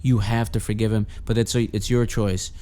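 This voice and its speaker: A man's voice: on the low side, little pitch movement, fairly quick, warm tone. A man guesting on a podcast, telling a personal story in a rambling, profane way with many restarts. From Los Angeles. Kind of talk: casual storytelling.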